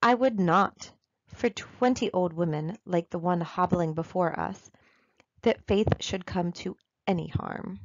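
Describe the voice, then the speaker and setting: A woman reading aloud, voicing the devil as a calm, persuasive older male traveler. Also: on the low side, a little slow, no echo, lo-fi sound, lightly acted. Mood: sly.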